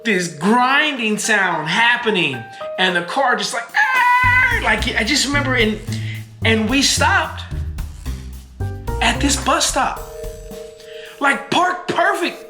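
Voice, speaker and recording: A woman vlogger telling a family story in a casual, animated way, full of fillers and restarts. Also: fairly high pitch, slow, pauses often. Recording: echoey room with music behind.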